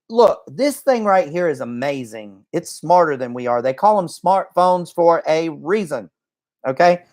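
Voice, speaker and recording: A network marketing coach giving a casual motivational talk, chatty and folksy, often checking in with "okay?" and "right?". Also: mid-range voice. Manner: acts out phone calls in a lively voice. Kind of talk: casual motivational talk to a live online group.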